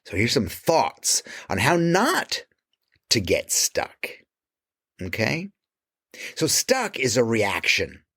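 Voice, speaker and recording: A man speaking as a creative coach in an emphatic motivational monologue, swearing casually and dropping to quiet low asides. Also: wildly swooping pitch, slow pace, breathy edge, no room sound, clean studio sound.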